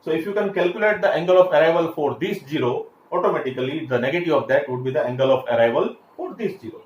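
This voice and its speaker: Male lecturer, a touch higher voice, talks through steps with fillers; roomy recording with light hiss. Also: animated, fast, muffled recording. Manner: explains step by step with frequent fillers and restarts. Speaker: engineering lecturer. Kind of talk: classroom lecture. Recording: echoey room, faint background hiss.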